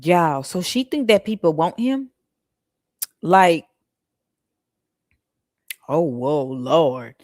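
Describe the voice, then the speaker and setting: A woman hosting reaction commentary, animated and laughing, firing rhetorical questions at her viewers, with features. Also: sits low, very slow, pauses often, no room sound, clean studio sound. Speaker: commentary channel host.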